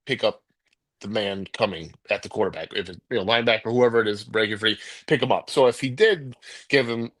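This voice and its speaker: Low-voiced man, rambling sports talk. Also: fairly quick, a bit bright, dry recording. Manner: rambling, restarts, laughs often. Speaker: co-host of a sports call-in show.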